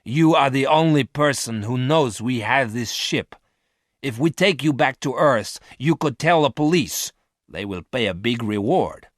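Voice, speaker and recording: A man's voice: mid-range voice, expressive, a little slow, dry recording, studio quality, pitched above the performer's own voice, natural voice. A man voicing a harsh ruthless space criminal. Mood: threatening. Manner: harsh, commanding. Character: ruthless adult male space criminal leader.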